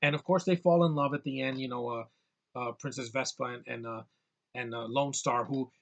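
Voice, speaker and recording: A man's voice: medium pitch, steady tone, normal speed, fairly bright tone. A man giving a casual, rambling movie review, sarcastic and full of restarts.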